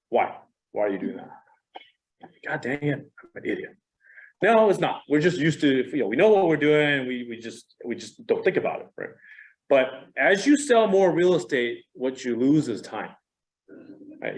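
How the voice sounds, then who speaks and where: A middle-aged man leads a casual training session for a roomful of agents. His pitch sits in an ordinary middle range, and his delivery is animated and conversational. He is easy and self-deprecating as he talks. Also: poor audio. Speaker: real estate trainer.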